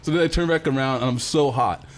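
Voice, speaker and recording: A young man telling a wild story in casual, profane, animated talk. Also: mid-range voice, fast talker. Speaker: guest telling a travel story.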